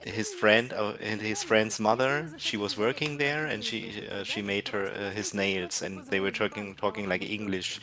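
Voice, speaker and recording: A German-accented man chatting on a live stream, spinning anecdotes and breaking into laughter as he goes. His voice sits fairly low, and he stumbles and restarts his sentences. A crowd murmurs clearly behind him. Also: steady tone. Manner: anecdotal storytelling, laughs often, halting restarts. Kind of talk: casual chat.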